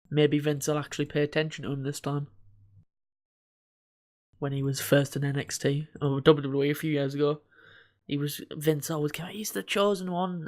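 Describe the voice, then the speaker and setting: A young man co-hosting a podcast, chatting casually, joking and swearing as he reads through lists. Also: on the high side. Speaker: podcast co-host. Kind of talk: casual chat.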